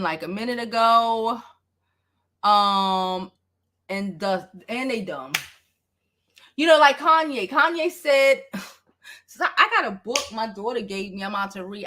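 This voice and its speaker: A woman's voice: mid-range voice, pushed and bright, slight background noise. A middle-aged woman chatting casually on a gossip livestream, loose and profane, often laughing. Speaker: celebrity gossip vlogger.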